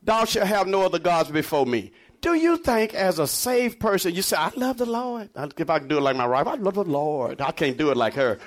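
High, lively voiced man preaching. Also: a little fast, hardly any pauses. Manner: animated preaching, swinging between low murmurs and high shouts; jokes and laughs with the congregation. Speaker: pastor. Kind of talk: sermon.

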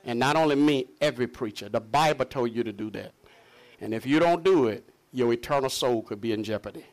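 A man's voice: medium pitch, a little fast. A man preaching a sermon, stretching key words for emphasis. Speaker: pastor.

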